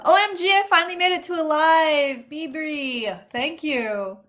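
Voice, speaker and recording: A woman psychic chatting casually on a tarot livestream, chatty and animated, often acting out what people say. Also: high-pitched, a little slow.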